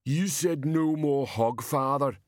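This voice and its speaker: A man doing a slow rumbling hulking giant, Banjo. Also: dry recording, clean studio sound, natural voice. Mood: puzzled.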